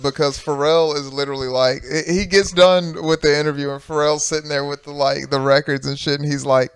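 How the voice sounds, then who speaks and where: A Southern American man chatting on a comedy podcast in a relaxed, joking way. His voice sits a little high and sounds smooth and resonant. The recording is close and dry. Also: a little fast, dry recording. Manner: relaxed, joking, laughs a lot, acts out quotes. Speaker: podcast co-host. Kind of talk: casual chat.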